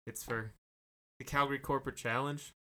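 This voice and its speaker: Rambling man, bright tone. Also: medium pitch, fairly even intonation, fairly quick. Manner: rambling, hesitant, many fillers and restarts. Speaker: podcast co-host. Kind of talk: casual chat.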